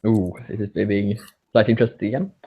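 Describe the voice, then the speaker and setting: A man on a podcast who reads out quiz questions in a measured, amused way. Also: lowish voice, fairly even intonation, warm tone, low-quality recording. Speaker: quizmaster. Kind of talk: casual quiz banter.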